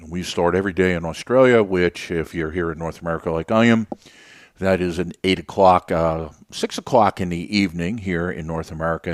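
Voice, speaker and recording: A man's voice: low-pitched, dry recording, studio quality. A man hosting a radio show, talking off the cuff in a rambling, conversational way with many fillers and restarts. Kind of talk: unscripted radio monologue.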